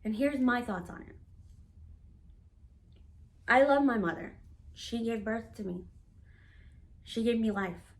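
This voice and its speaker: A woman's voice: on the high side, slow pace, pauses often. Candid woman in her thirties telling a story. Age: 30s. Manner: candid, animated retelling with quoted dialogue. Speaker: vlogger. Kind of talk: personal storytelling to camera.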